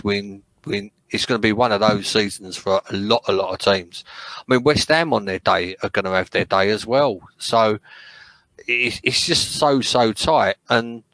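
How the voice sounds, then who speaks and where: Brief: English male podcast co-host, low-ish, forceful tone, dry close sound, swears a lot, rambles. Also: dry recording, rough recording. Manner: swears freely, rambling with restarts. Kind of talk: casual football chat.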